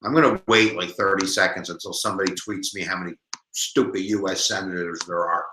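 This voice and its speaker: An American man in his forties, a former history teacher, giving a jokey, animated live exam review to viewers online. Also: sits low, a little fast, echoey room, low-quality recording.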